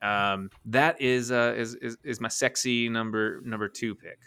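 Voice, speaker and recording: A man's voice: medium pitch, fairly even intonation, measured pace, bright, forceful tone, smooth, no echo. A man in his thirties co-hosting a casual podcast, talking enthusiastically and rambling with frequent laughs. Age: 30s. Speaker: podcast co-host.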